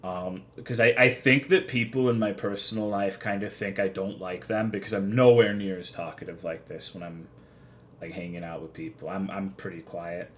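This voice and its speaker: This young man streams live with a low-pitched, steady voice at a moderate pace. He chats casually with his viewers, wandering between topics, cursing, and making self-deprecating remarks.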